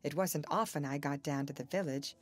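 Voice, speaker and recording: A gentle, sad young woman, voiced by a female narrator in an audiobook. She speaks softly and hesitantly, with a tender reticence. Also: deep voice, fairly quick.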